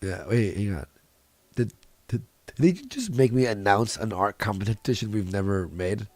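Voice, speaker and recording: A man's voice: fairly low pitch, expressive, moderate pace, a little mellow, dry recording. A man hosting a livestream in casual, crude, joking banter, laughing often. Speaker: livestream host.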